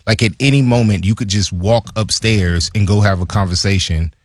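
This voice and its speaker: Low, husky-voiced man telling stories. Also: moderate pace, no room sound, clean studio sound. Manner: storytelling, laid-back, animated retelling. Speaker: co-host, former pro football player. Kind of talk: casual sports talk.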